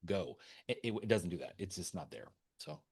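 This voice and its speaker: A man's voice: deep voice, big pitch swings, fast, creaky, darkish tone, breathy edge. A man answering questions as a webinar guest speaker, talking off the cuff with many restarts and fillers.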